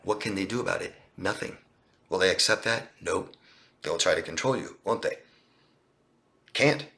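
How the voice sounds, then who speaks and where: Male life coach, live Q&A, bright edgy tone, emphatic and rhetorical. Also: sits low, moderate pace, creaky. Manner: emphatic, rhetorical questions, acts out quoted lines in a raised voice.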